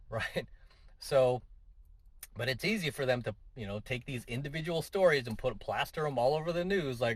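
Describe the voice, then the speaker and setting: A man's voice: medium pitch, animated, normal speed, no room sound. A man giving an opinionated commentary monologue to his viewers, conversational and full of tag questions and repeats. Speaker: commentary vlogger.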